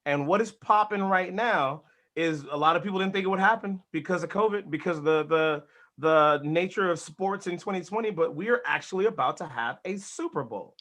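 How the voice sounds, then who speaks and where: A man hosting a casual sports podcast, hyped and energetic, swearing casually as he talks. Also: sits high, brisk. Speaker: podcast host.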